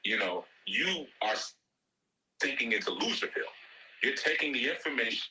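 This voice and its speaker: A middle-aged man talks off the cuff, loose and slangy, breaking into laughter as he goes. His voice is very bright and forceful, sitting at an ordinary pitch for a man. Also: lively intonation, normal speed, poor audio. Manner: laughs often, repeats "you know what I'm saying"; slangy, joking, mocks with high-pitched quoted voices. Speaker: ministry speaker. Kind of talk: casual motivational talk in an audio chat room.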